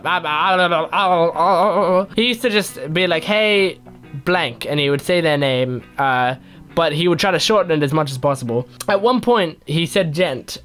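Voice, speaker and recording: Young man, casual Q&A chat, rambling, playful, self-mocking, slightly high voice. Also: fairly bright tone. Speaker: YouTube gamer answering fan questions.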